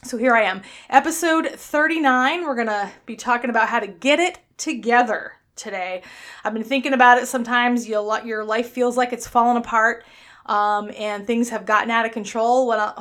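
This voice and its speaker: Woman, New York accent, podcast host, slightly high voice, upbeat and blunt. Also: moderate pace, a bit bright. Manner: chatty, upbeat, blunt and self-mocking. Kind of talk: solo weight-loss podcast chat.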